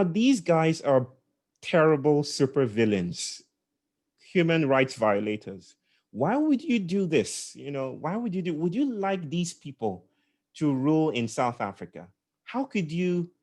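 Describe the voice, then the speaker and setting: A man's voice: on the high side, sing-song, unhurried, darkish tone, pitched above the performer's own voice. A man voicing an indignant male human-rights questioner who pleads in incredulous questions.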